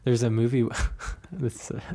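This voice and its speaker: A man in his twenties from the United States talks casually on a podcast. His voice sits at a mid pitch. He stumbles over his starts and repeats words as he searches for what to say. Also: steady tone, warm tone. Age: 20s. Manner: halting, repeats words, restarts often. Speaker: podcast co-host. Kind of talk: casual chat.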